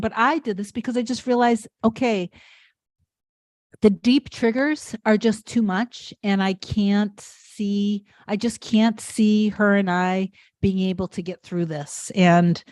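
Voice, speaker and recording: A woman's voice: mid-range voice, no echo, clean studio sound. A woman manifestation coach chatting on a live stream, earnest and emotional, reading viewer comments aloud. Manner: emotional, warm-hearted.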